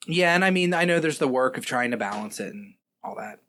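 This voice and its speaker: A man's voice: mid-range voice, lively intonation, brisk, sharp tone. A man co-hosting a casual podcast, joking around and cursing now and then. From United States. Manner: joking, swearing, puts on mock English accent. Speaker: podcast co-host. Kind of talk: casual chat.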